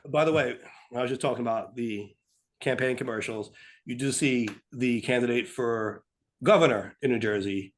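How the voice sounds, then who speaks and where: A man's voice: medium pitch, normal speed. A man co-hosting a political talk show, speaking casually and putting on voices to make his points. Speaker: podcast co-host.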